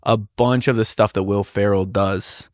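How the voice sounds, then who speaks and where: A man's voice: on the low side, steady tone, a little slow, dry recording, studio quality. A man co-hosting a casual podcast, rambling and laughing easily. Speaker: podcast co-host. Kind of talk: casual chat.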